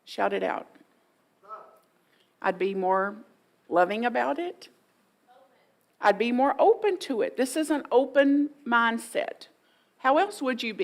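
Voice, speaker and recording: A middle-aged woman preaches to a congregation in a folksy, playful way. She acts out the voices in people's heads and draws the room into answering her. Her voice sits a touch high. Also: expressive, slow, vocal fry, pauses often. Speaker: guest minister. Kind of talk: sermon with congregation participation.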